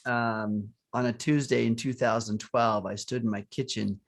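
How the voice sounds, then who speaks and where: Co-hosting a live online spiritual coaching talk, a man speaks earnestly and motivationally about surrender and focusing on joy, with restarts and chuckles. His mid-range voice keeps fairly even intonation at a moderate pace, hardly pausing.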